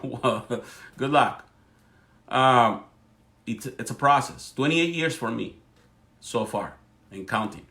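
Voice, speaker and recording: A man's voice: medium pitch, unhurried, long pauses, sharp tone. A middle-aged man whose first language is Spanish, speaking English with a Spanish accent as he hosts a livestream. He delivers a fervent political monologue, often restarting his sentences. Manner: fervent, speechifying, frequent restarts. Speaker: livestream host.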